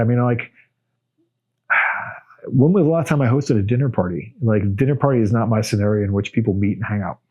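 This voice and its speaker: Middle-aged male podcast host, lowish voice, blunt, unhurried and off the cuff. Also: darkish tone. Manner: plain, blunt and unhurried, with many fillers and restarts. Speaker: podcast host answering viewer questions. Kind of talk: casual solo Q&A monologue.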